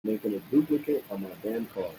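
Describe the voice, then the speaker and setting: Poor audio with slight background noise carries a young man's lowish, fast, mellow voice. He's venting on a live stream, furious, profane and repetitive.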